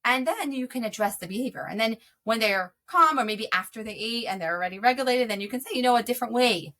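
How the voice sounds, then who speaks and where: A woman's voice: fairly high pitch, fast talker, a bit bright. A woman speaking as a guest, explaining self-regulation for parents in an earnest, conversational way with frequent ums. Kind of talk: conversational advice.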